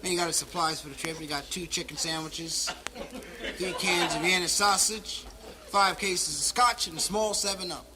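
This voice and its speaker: A man's voice: high voice, steady tone, moderate pace, a crowd in the background. A man telling a comic story in a playful, punchy stand-up delivery. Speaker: stand-up comedian. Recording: crackly 1960s vinyl record.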